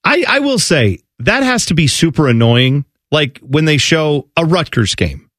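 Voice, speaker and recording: A man's voice: fairly high pitch, very animated, a little slow, fairly bright tone, dry recording, clean studio sound. A man co-hosting a casual sports radio show, making his case at length and mimicking other people as he goes. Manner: argumentative, explains at length and mimics people in quoted voices.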